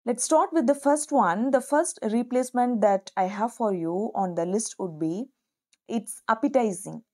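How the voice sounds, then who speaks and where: An upbeat woman hosts an online lesson, her voice a touch higher than most women's. Her tone is mellow and soft-edged, and she slows down carefully to model each phrase for learners to repeat. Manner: upbeat, slow and deliberate on example phrases. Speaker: English teacher.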